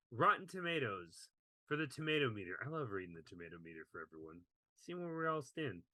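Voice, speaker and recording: A man's voice: on the high side, sharp tone, no echo. A man co-hosting a movie podcast in casual chat, laughing easily as he reads critics' quotes. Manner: laughs while reading quotes. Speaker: podcast co-host.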